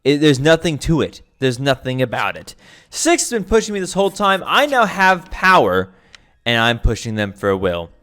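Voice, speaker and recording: A man's voice: medium pitch, sing-song, normal speed, a bit bright. A man giving casual commentary over his own gameplay, thinking aloud with many restarts and fillers. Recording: faint background music.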